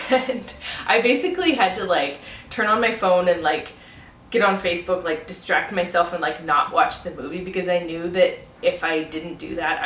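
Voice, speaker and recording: A young woman talks casually to the camera, laughing often and scattering "like" and "um" through her speech. Her voice sits a little low, and it carries an echoey room sound with faint background noise. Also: a bit bright, distant mic. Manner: chatty, laughs often, many fillers like "like" and "um". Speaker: pregnancy vlogger. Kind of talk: casual chatty vlog.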